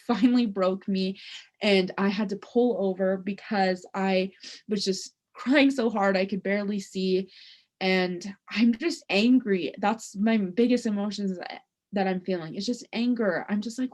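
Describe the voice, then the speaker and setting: A woman's voice: mid-range voice, darkish tone. A young woman telling a personal story for a class presentation, in a conversational way that is full of "like" and "um". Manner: conversational, with frequent "like" and "um" fillers. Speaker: student presenter.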